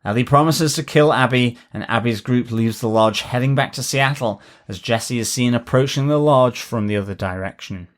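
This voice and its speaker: Guy on a tv review podcast, reads the recap then drifts into dry little jokes, mid-pitched voice. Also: normal speed, few pauses. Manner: reads recap then chats with wry asides. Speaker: podcast co-host.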